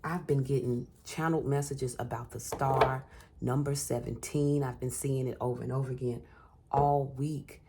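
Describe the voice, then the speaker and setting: A woman's voice: extremely low pitch, fairly even intonation, normal speed, warm tone, breathy edge. A woman giving an encouraging collective tarot reading, repeating phrases for emphasis and calling the listener baby and honey. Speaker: tarot reader.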